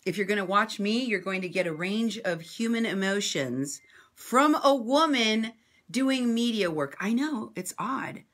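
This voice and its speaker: A woman journalist giving impassioned commentary in response to viewer comments, assertive and sarcastic, swinging between loud outbursts and low asides. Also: expressive, a little slow. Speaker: independent journalist and vlogger.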